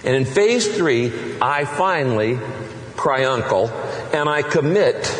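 Animated preacher man in an echoey hall. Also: a little high, unhurried. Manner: animated, emphatic preaching with rhetorical questions. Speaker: pastor. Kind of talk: sermon. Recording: echoey large hall with long reverb.

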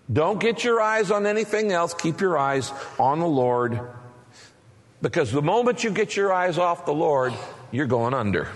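A man preaching a sermon as a pastor, animated, acting out the voices he quotes. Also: a little high. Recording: long reverb of a large hall.

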